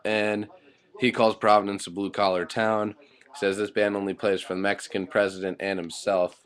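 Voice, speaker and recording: A man's voice: lowish voice, level tone, moderate pace. A man giving a casual spoken recap of a wrestling show, rambling with lots of fillers and blunt swearing.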